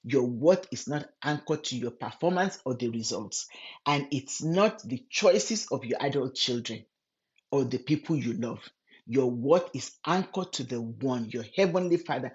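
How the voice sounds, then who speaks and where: A woman giving a gentle, earnest devotional Bible teaching, speaking directly to the listener as a friend. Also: extremely low pitch, animated, measured pace, muffled recording. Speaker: Christian women's ministry teacher.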